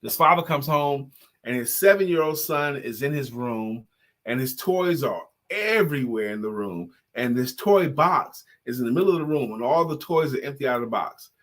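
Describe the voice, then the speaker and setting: A man co-hosting a talk show, chatting casually and telling animated stories. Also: medium pitch, normal speed. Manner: animated storyteller, acts out voices in jokes and stories. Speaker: podcast co-host. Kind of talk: casual chat with storytelling.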